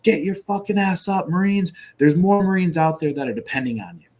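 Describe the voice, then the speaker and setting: A man's voice: sits high, a little fast, darkish tone, pitched above the performer's own voice. A man putting on a screaming male sergeant who barks orders at his troops. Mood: shouting. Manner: screaming commands. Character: yelling adult male sergeant barking orders.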